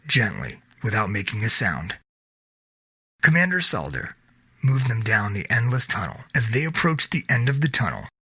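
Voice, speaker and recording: A man narrating his own novel in a steady storytelling read. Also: mid-range voice, slightly rough, no room sound. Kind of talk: reading a self-published novel aloud.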